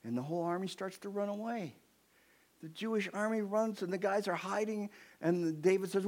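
A man preaching a sermon, telling a story with lively energy and talking straight to the congregation. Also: high-pitched, normal speed. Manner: animated storytelling, addresses the congregation.

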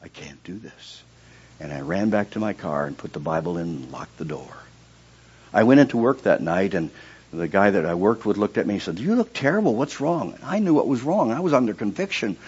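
A man shares his testimony during a sermon, his voice low and quiet while narrating but rising to loud, high bursts whenever he reenacts a prayer. He speaks fairly quickly with lively intonation and a husky quality, and the highs are cut off.

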